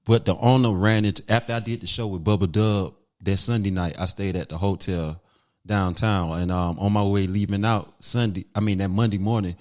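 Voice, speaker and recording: A man from North Carolina, a comedian guest telling a story in a casual, animated way and acting out what others said. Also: on the low side, a little fast.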